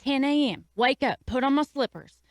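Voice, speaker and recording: A woman's voice: high-pitched, animated, normal speed, no echo. A woman playing a brash, rambling businesswoman. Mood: sassy. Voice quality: sassy, rambling, tough-talking. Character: brash, scatterbrained woman dating-site boss. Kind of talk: improv comedy acting.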